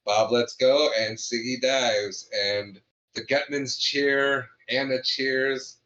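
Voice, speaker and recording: A man's voice: medium pitch, steady tone, slow pace, sharp tone, dull audio. A man co-hosting a podcast, casually recapping a comedy film's plot and chuckling often. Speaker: podcast co-host. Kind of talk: casual movie review chat.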